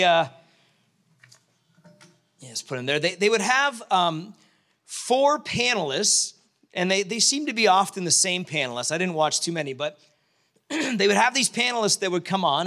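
A man in his late forties, a pastor, preaching to his church and praying in a conversational, halting way with many restarts. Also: high-pitched, bright, forceful tone. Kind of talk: sermon with prayer and storytelling. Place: church sanctuary.

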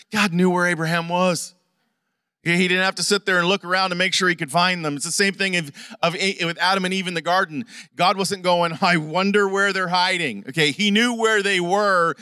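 A middle-aged man preaching a sermon, animated and conversational, often asking the congregation questions. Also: high-pitched, clean tone, no echo, clean studio sound. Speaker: pastor.

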